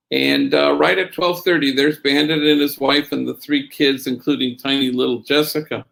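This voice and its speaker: Gravelly-voiced man telling a story. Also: mid-range voice, moderate pace, few pauses. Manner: tells stories with Spanish slang phrases mixed in; quotes others in a raised, lively voice. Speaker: priest and speaker. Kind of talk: storytelling talk.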